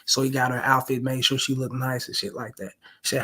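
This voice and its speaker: A man's voice: mid-range voice, little pitch movement, a little fast, bright, forceful tone. A man giving casual reaction commentary on dating, slangy and emphatic, who keeps calling his listeners fellas and bro.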